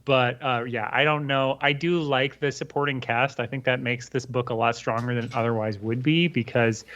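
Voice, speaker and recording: A man's voice: medium pitch, fairly even intonation, normal speed, a bit bright, muffled recording. A man co-hosting a podcast in casual chat, wry and dry in delivery. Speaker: podcast co-host.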